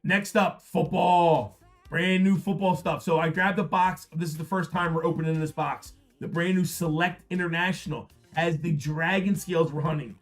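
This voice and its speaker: A man hosting a live card-break stream, repeating prices and hyping the product in an upbeat sales pitch. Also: steady tone, moderate pace, faint music behind. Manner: upbeat, repetitive hype.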